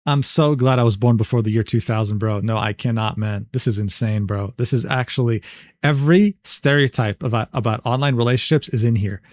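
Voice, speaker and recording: A man's voice: mid-range voice, fairly quick, no echo, studio quality. A man reacting on a livestream, incredulous and slangy, swearing and laughing in disbelief. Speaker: streamer.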